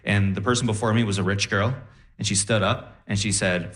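A young man from Canada doing a stand-up comedy set on a club stage, animated and jumping up in pitch for punchlines and mock outrage. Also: a little fast. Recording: echoey club room.

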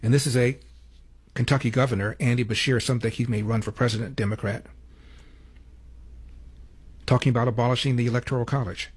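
Male commentator, husky, dry sarcastic delivery, mid pitch. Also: fairly even intonation, brisk, long pauses. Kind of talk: political commentary.

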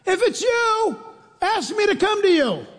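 A man's voice: extremely high pitch, very animated, measured pace, a bit bright, long reverb tail, voice pushed up, heavily acted. A man voicing a big, burly, bumbling fisherman who is bold and impulsive, speaking in eager, daring pleas.

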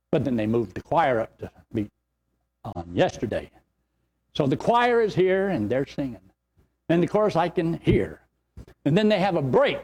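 Older male pastor, husky voice, folksy rambling sermon delivery. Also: mid-range voice. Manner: folksy, rambling, animated storytelling. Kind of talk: sermon with storytelling.

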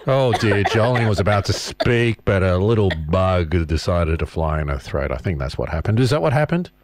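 Radio co-host, man, low voice with a lot of swing, goofy and playful, dry studio sound. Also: animated, moderate pace, dry recording. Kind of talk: casual radio banter.

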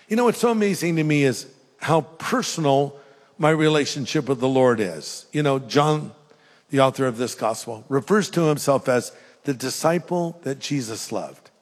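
An older man preaches with earnest conviction, his fairly high voice climbing into fervent emphasis. His words ring out in a large hall with a long, lingering reverb. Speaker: pastor. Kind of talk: sermon.

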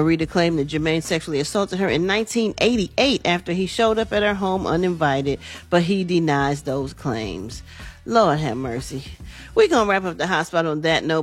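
Husky chatty woman radio host. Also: lowish voice. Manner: chatty, laughs easily, casual asides. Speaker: entertainment news host. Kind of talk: morning radio entertainment report.

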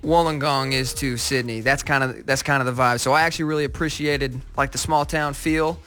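Bright-voiced upbeat young American man. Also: medium pitch, steady tone, a little fast, soft background music. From United States, near Seattle. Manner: enthusiastic, rambling with fillers and restarts. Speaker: guest, pop singer. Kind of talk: casual interview.

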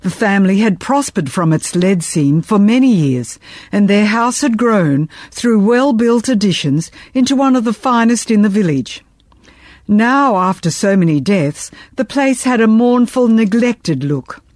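A woman tells a first-person historical story in a steady, expressive reading voice. Her pitch sits in the middle, neither high nor low. The sound is dry and close, with no room around it. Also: unhurried, dry recording. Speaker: audiobook narrator. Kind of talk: scripted first-person narration.

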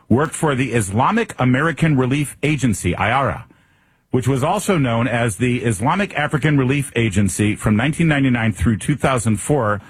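A man's voice: mid-range voice, expressive, normal speed, slightly rough, dry recording. A male radio talk show host delivering a sarcastic, combative political monologue.

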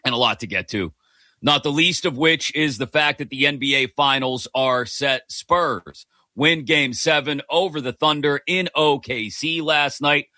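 A man hosting a live sports talk radio show, upbeat and energetic as he runs through the day's stories at a studio microphone. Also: mid-range voice, a little slow, no echo. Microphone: close studio microphone.

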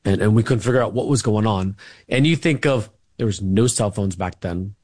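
A man's voice: fairly low pitch, normal speed, a little mellow, no echo, studio quality. A man, a guest author, telling family stories in a casual interview, rambling with many fillers and restarts.

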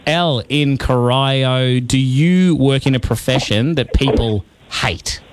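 A man's voice: mid-range voice, takes it slowly, a little hiss or hum. A man with an Australian accent hosting a radio show, casual and jokey, laughing often. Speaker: radio host. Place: radio studio.

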